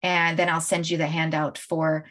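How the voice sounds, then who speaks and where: A middle-aged woman coach talking casually on a livestream, animated and often laughing as she tells stories to viewers. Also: sits low, normal speed. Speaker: life coach hosting a livestream. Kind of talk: casual live-stream talk to viewers.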